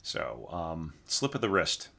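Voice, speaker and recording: Slow and low, with big pitch swings, vocal fry, and a bright, forceful tone, a man casually critiques a student's orchestration. As the reviewing teacher he uses many fillers and tag questions and hums and scats musical lines to show phrasing.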